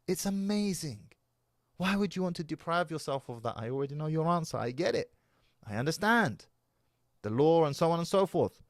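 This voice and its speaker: A man's voice: fairly high pitch, sing-song, normal speed, no room sound, studio quality. A man, giving casual, emphatic commentary as a reaction video host. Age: 30s. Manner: emphatic, preachy.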